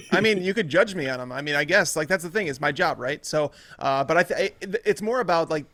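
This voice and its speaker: A man's voice: fairly high pitch, animated, a little fast, a bit bright. A man co-hosting a fantasy football show, wry and hedging, with dry humor. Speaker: co-host analyst. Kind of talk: casual sports chat.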